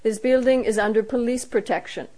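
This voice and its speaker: A woman's voice: fairly high pitch, steady tone, brisk, mellow, lightly acted, rough recording. Stern male Italian officer, terse and unsmiling, read by a woman narrator.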